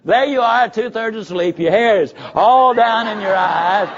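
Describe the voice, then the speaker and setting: A man's voice: sits high, measured pace, crowd noise. A man giving a live motivational speech, telling folksy stories with jokes and instructions for the audience. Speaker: motivational speaker. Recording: dull lo-fi recording.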